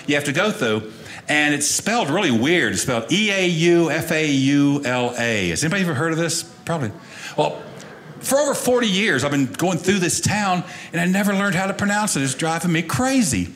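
Folksy, animated male stand-up comic. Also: a little high, a little fast, slight background noise. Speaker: stand-up comedian. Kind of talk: stand-up comedy routine.

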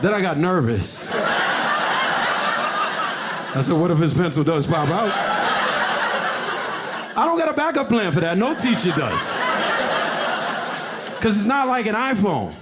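Animated stand-up comic, lively voice. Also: male voice, a little slow, long pauses, very noisy. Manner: animated, acts out characters with big pitch jumps. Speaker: stand-up comedian. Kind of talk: stand-up comedy storytelling.

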